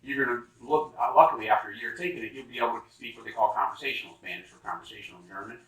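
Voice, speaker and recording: A man's voice: mid-range voice, rapid-fire, creaky, fairly bright tone, far from the mic. Middle-aged male musician, rambling casual talker, off-mic in a roomy space. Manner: chatty, rambling with many fillers and restarts. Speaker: musician guest. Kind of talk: casual conversation. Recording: roomy echo, from away from the mic.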